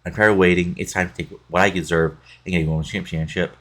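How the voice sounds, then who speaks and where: A man's voice: low voice, steady tone, quick pace, a bit bright. A man reading out the lines of a fierce young female wrestler demanding a title shot. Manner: demanding, read aloud plainly.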